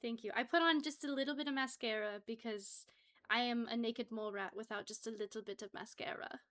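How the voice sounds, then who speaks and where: High-voiced bubbly woman streamer. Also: fairly even intonation, a little fast, fairly bright tone. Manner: bubbly, giggly, easily flustered. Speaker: livestream host. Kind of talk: casual livestream chat. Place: home streaming setup.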